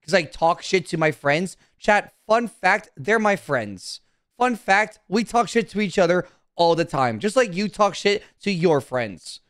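A man's voice: sits high, lively intonation, measured pace, a bit bright, no room sound, clean studio sound. A young man streaming casually, talking to his chat in a brash, profane, defensive way.

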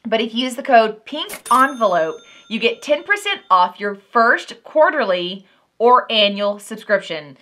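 Bubbly Southern Texan woman, bright lively voice. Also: a little high, unhurried. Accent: Southern US (Texas). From Southern Texas. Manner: chatty, excitable, drawls and says y'all. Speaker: vlogger, unboxing host. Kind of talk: casual unboxing chat to camera.

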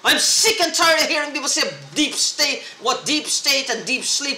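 A woman's voice: high-pitched, animated, moderate pace, few pauses, sharp tone, reverberant, a little hiss or hum. A woman in an angry, profane, repetitive rant, talking straight to the camera. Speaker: vlogger. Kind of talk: agitated monologue to camera.

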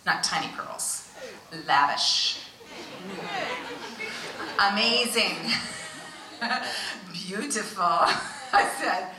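A woman, a visiting pastor, telling a story in a sermon with animated delivery that drops to hushed tones for emphasis. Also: mid-range voice, takes it slowly, long pauses, crowd noise. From United States. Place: church hall. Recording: echoey church hall, voice from far off.

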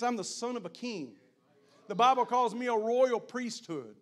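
High-voiced man preaching to men. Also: expressive, normal speed. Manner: preachy, repeats phrases, builds to shouting in prayer. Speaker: guest speaker at a men's gathering. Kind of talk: sermon and prayer.

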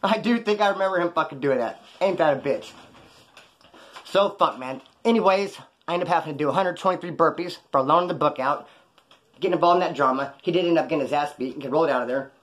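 A former prisoner telling stories about prison life in a blunt, rambling, profane way. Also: male voice, on the high side, fast, fairly bright tone. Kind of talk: casual storytelling monologue.

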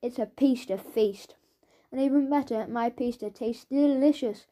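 Mellow woman narrating a children's book. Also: a little high, measured pace. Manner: lively first-person storytelling as a schoolboy. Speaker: audiobook narrator.

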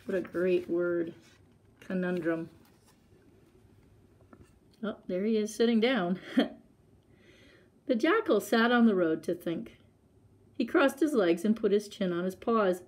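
A woman's voice: mid-range voice, lively intonation, slow pace, pauses often. Woman reading a picture book aloud. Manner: chatty asides with soft laughs. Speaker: librarian. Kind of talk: storytime read-aloud.

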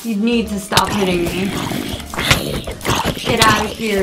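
A young woman giving casual, excitable commentary while playing a video game for the first time, yelping at enemies. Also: mid-range voice, unhurried, very noisy. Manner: excitable, yelps and scolds at enemies. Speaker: gaming creator. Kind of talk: casual let's play commentary.

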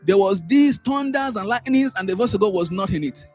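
A man teaching a Sunday school class. He repeats words, restarts phrases and swings up sharply in pitch and loudness when he stresses a point. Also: a little fast, faint music behind. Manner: animated, rises sharply in pitch and volume for emphasis, trails off in asides. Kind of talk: church Bible teaching.

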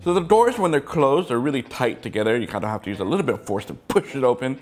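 A man hosting a casual review vlog, chatting excitably and talking straight to his viewers. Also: medium pitch, quick pace, faint music behind. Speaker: toy brick set reviewer, channel host.

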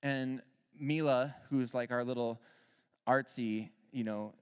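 A man in his thirties preaching a sermon, telling a candid personal story with animated bursts of loud emphasis. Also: medium pitch, slow, smooth. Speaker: worship leader preaching. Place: church sanctuary. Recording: long hall reverb.

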